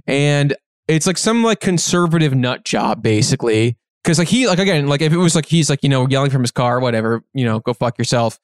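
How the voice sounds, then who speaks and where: A man's voice: mid-range voice, fairly quick, dry recording, clean studio sound. A man telling a long, rambling anecdote as a podcast guest, full of fillers and restarts. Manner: rambling, filler-heavy, animated retelling. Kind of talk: casual storytelling.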